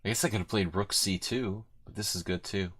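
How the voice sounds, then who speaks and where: A man's voice: sits low, steady tone, brisk, fairly bright tone. A man streaming his own blitz chess games, thinking aloud in loose, rambling commentary full of "like". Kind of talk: live commentary while playing blitz chess.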